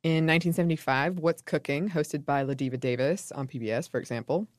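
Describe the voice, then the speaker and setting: Low-voiced wry woman co-host. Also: fast, no echo, studio quality. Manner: wry, giggly, deadpan asides. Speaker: podcast co-host. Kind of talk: casual conversational history chat.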